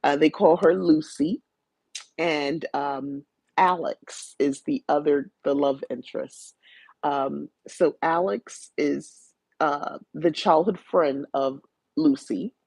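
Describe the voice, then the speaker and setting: Woman, podcast host, rambling book review chat, fry in the voice. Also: low voice, slow pace, a little mellow, no room sound. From South New Jersey, USA. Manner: chatty, rambling, frequent restarts and fillers; greets live viewers by name.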